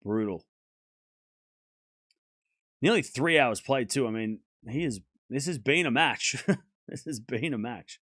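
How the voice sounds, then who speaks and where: A man streaming live play-by-play commentary of a tennis match, calling each shot and reacting loudly to big points. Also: mid-range voice, takes it slowly, long pauses, breathy edge, no room sound, clean studio sound. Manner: excitable, animated, calls each shot. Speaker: watchalong commentator.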